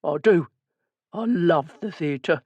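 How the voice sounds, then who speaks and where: A woman voicing a gruff, quietly menacing middle-aged man with an East End London accent in an audiobook. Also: sits low, moderate pace, no echo, dull audio, close to an everyday voice. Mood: curt.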